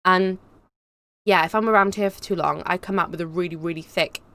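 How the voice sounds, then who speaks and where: A woman's voice: on the low side, fairly even intonation, fairly quick, pushed and bright, no echo. Young welsh girl from cardiff rambling thru a live chat, laughs a lot, casual and chatty. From Wales. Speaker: YouTube host reading live chat.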